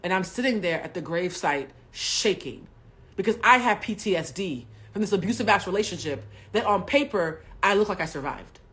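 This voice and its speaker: A woman in her forties from Haiti, a spiritual coach telling a personal story on a livestream in a blunt, profane way, swinging from loud bursts to hushed asides. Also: mid-range voice, lively intonation, brisk. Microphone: webcam or phone mic on a home livestream.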